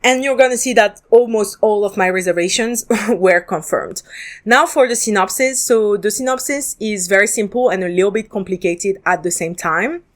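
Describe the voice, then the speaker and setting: A woman's voice: mid-range voice, normal speed. A woman hosting a solo podcast, reviewing a drama in a candid, chatty way with frequent ums and restarts.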